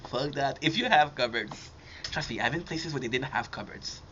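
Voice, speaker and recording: This man speaks at medium pitch and a moderate pace, his tone fairly bright. He's a French-accented live streamer casually chatting with a stranger, teasing and cursing freely in his jokes. Faint background noise sits under the dull, lo-fi recording.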